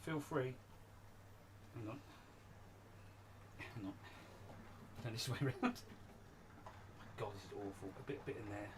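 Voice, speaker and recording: A man's voice: mid-range voice, unhurried, long pauses, noisy background. A man hosting a casual live stream from his shed, rambling and chatty, often laughing as he talks. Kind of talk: casual chat. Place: home shed.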